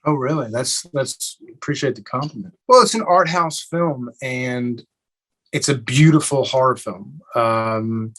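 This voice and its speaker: In a low-quality recording, a young adult man from Eastern Kentucky, appearing as an actor guest, responds to interview questions in an easygoing way. He speaks unhurriedly in a mid-range voice, with lots of fillers and restarts.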